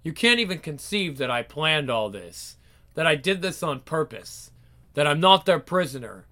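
A man's voice: on the high side, sing-song, bright, forceful tone. A man voicing a scheming, resentful young male villain who taunts his sister in a story. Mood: sneering. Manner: sneering, taunting, drawn-out delivery.

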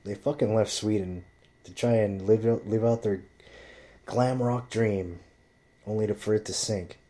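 A man's voice: fairly low pitch, steady tone, measured pace, mellow. A man telling rambling stories in casual chat, swearing constantly as he talks. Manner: profane, rambling storyteller.

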